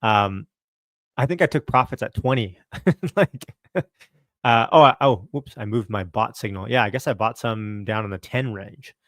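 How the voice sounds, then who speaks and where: A man from Canada hosting a casual stock market livestream at home, upbeat and chatty, greeting viewers by name and keeping his voice a little low. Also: moderate pace, no room sound, clean studio sound. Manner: talking a bit lower and quieter to not wake the house. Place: home, early morning.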